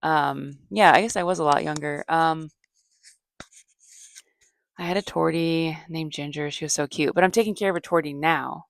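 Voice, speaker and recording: A middle-aged woman with a low voice, chatting on her own in a meandering way and filling her pauses with ums and side comments. The sound is close and dry, with no room echo. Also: creaky. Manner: meandering, chatty, many fillers and asides. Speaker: comedian and podcast host. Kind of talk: rambling solo comedy chat.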